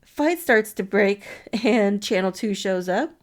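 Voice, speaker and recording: A woman's voice: mid-range voice, lively intonation, unhurried. A woman co-hosting a podcast, giggling often as she reads a film recap from her notes. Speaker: podcast co-host. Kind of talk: casual chat recapping a film.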